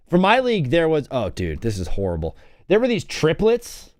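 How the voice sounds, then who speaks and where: A man's voice: fairly high pitch, big pitch swings, fairly quick, fairly bright tone, no echo, clean studio sound. A young man hosting a live stream from home, rambling through stories and chanting old cheers. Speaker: host. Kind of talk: casual live-stream chat.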